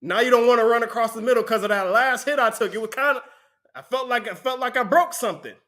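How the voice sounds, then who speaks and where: A man's voice: extremely high pitch, fast, fairly bright tone. A man preaching a conversational sermon, often breaking into laughter between points.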